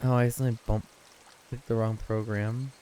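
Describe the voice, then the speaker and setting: A young man streaming live, chatting casually and swearing while reading a visual novel, with excitable, repetitive rants. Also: medium pitch, fairly quick, slight background noise.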